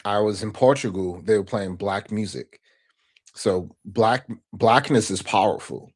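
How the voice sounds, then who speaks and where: A man's voice: lowish voice, measured pace, breathy edge. A man speaking as a podcast guest, earnest and reflective, often tagging his points with a questioning "right?". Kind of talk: casual interview conversation.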